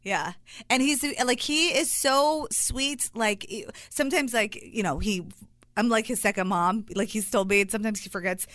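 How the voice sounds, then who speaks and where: A woman co-hosting a podcast in casual chat, telling animated stories with lots of agreeing fillers. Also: fairly high pitch, moderate pace, dry recording. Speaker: podcast co-host.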